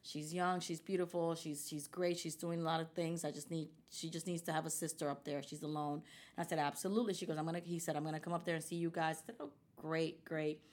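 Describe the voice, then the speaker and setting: A woman's voice: low-pitched, quick pace. A woman telling a personal story in casual conversation, animatedly quoting the people involved. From United States. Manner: animated, quotes people in her stories. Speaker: guest.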